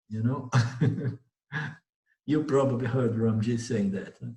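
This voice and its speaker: A man's voice: medium pitch, steady tone, slow pace, long pauses, mellow. A man with a Brazilian Portuguese accent gives a spiritual teaching talk, telling stories, repeating and rephrasing himself and acting out the voices of the people in them. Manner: storytelling, repeats and rephrases, acts out voices in the story. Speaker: Vedanta teacher. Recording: roomy echo.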